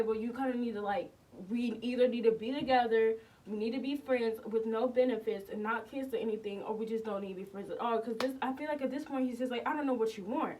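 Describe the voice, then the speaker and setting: A woman's voice: a little high, far from the mic, poor audio. A young woman casually reacting to and reviewing a TV episode, rambling with lots of fillers and repeated words. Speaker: TV reaction vlogger.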